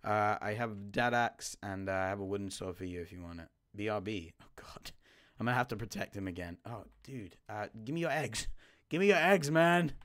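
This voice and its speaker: A man giving live gameplay commentary, chatting to his teammate and swinging from quiet mutters to sudden startled yelps. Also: fairly low pitch, fairly quick. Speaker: gaming YouTuber.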